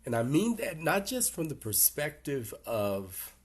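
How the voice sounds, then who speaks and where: An older man gives a reflective workshop talk to a support group, speaking earnestly with gentle emotion and pauses. His voice is on the high side, slightly rough, and very animated.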